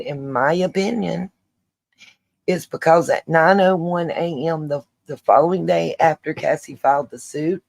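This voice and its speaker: A woman's voice: low-pitched, darkish tone. A woman hosting her own channel, giving opinion commentary straight to her viewers, emphatic and repeating her points for weight. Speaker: channel host.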